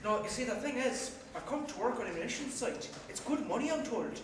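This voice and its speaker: A man's voice: extremely high pitch, animated, fairly quick, noisy background. A man playing a cheeky young Irish navvy with an Irish accent, teasing on a live stage. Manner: cheeky, teasing, laughs easily. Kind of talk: live amateur stage acting. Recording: echoey hall recording from far off.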